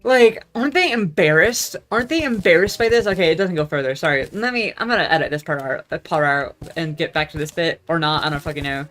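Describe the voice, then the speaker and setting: Young adult vlogger ranting casually, swears a lot, rambles and loses the thread, mid pitch. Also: animated, fast, hardly any pauses, a bit bright. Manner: profane, rambling, scattered. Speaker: gaming vlogger. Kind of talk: casual storytelling rant.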